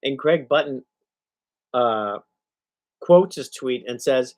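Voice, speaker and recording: A man's voice: medium pitch, expressive, slow. A man hosting a live reaction stream, reading posts and reports aloud with chuckles and many fillers. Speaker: livestream host. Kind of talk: casual live reaction commentary.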